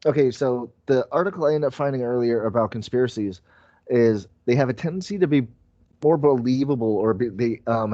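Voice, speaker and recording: A man's voice: medium pitch, a little mellow, no echo, lo-fi sound. A man co-hosting a podcast in casual chat, rambling through his points with lots of "like" and "um". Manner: rambling, many fillers like "like" and "um". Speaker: podcast co-host.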